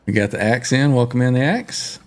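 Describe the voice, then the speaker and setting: Gravelly-voiced man hosting a live chat. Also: mid-range voice, fairly quick, faint music behind. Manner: upbeat, reads viewer comments aloud, laughs often. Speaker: livestream host. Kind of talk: casual live chat reading comments.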